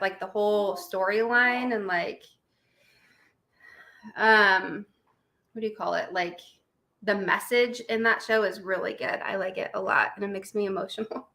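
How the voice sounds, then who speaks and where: A young woman recovering from surgery chats casually on a live stream, greeting viewers by name and laughing often. Her medium-pitched voice sounds pushed and bright.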